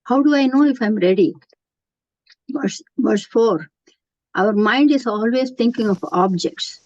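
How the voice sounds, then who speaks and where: A woman's voice: mid-range voice, a little mellow, dry recording. A woman giving an earnest, explanatory spiritual lecture, often restarting her sentences. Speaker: Gita teacher. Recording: dull, dry lo-fi recording.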